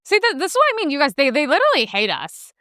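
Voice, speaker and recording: A woman's voice: high voice, huge pitch swings, rapid-fire, sharp tone, no echo, studio quality. A young woman hosting her own show, riffing sarcastically on news clips in a rambling, casual way full of fillers. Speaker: host.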